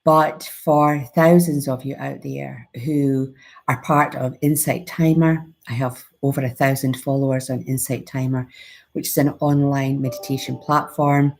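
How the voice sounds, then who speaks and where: A woman's voice: extremely low pitch, flat delivery, measured pace, gravelly, darkish tone. A Scottish woman who teaches mindfulness, giving a reflective spiritual talk in an earnest, musing way with frequent restarts.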